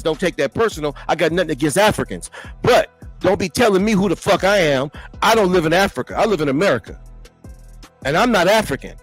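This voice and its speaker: A man in his fifties, a call-in guest on a livestream, who speaks in an emphatic, preachy, fired-up way. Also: high voice. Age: 50s. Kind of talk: casual livestream talk.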